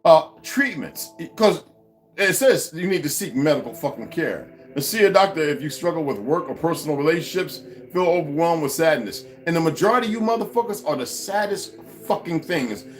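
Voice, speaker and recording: A man's voice: brisk, faint music behind. A man delivering a heated, profane vlog rant full of mockery and swearing. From United States. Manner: heated, swearing, mocking, lively swings in pitch. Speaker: vlogger. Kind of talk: profane ranting monologue.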